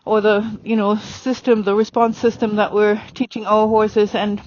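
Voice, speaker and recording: A woman's voice: medium pitch, flat delivery, normal speed, darkish tone, muffled recording. A woman riding instructor talking through a demonstration on horseback outdoors, chatty with lots of fillers, calling commands to her horse.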